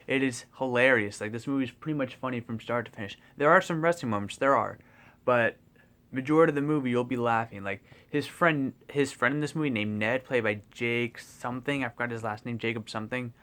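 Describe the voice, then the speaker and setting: A young man talks through a movie in a loose, rambling way, tripping over restarts and fillers. He sounds excitable and drops the odd swear. His voice sits at an ordinary middle pitch. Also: fairly quick. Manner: swears casually. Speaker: movie vlogger. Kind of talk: casual spoiler review.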